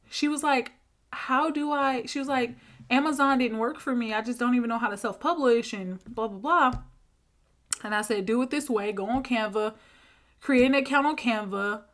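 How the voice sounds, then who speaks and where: A woman's voice: a little high, fairly bright tone. A woman hosting a podcast as a coach, telling stories in a casual monologue, acting out quoted dialogue and laughing often.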